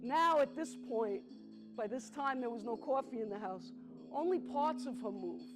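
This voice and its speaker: On a theatre stage, a middle-aged woman from the Bronx, New York, performs solo, telling stories conversationally and speaking straight to the audience. Her slightly high, expressive voice slows for emphasis and plays over music.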